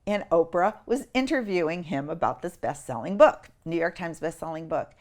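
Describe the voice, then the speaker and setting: Animated middle-aged woman telling a story. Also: moderate pace. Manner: animated, acts out quotes with big pitch jumps. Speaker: interview guest. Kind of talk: personal storytelling in an interview.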